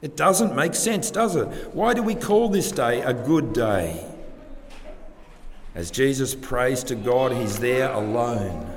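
Earnest male preacher, mid-pitched, rhetorical, reverberant church hall. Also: lively intonation, takes it slowly. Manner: earnest, rhetorical questions, varies loudness for emphasis. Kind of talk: sermon. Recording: long hall reverb, faint background ambience.

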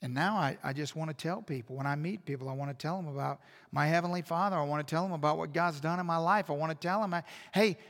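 Guy preaching in a church, goes from hushed to loud and back, bright high voice, long hall echo. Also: fast talker, few pauses. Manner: swings from hushed intimate asides to loud emphatic exhortation. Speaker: pastor. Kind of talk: sermon.

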